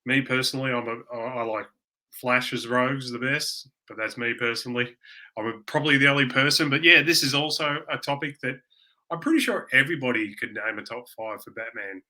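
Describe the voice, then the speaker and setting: An Australian man co-hosting a podcast in casual chat, with a very bright, forceful tone. He rambles in a relaxed, conversational way. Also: medium pitch, a little fast. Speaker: podcast co-host.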